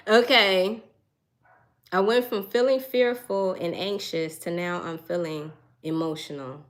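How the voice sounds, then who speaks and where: A woman's voice: fairly low pitch, steady tone, slow pace, pauses often. A young woman giving an intuitive tarot reading, musing and searching for words with frequent sighs, earnest and emotional. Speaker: tarot reader.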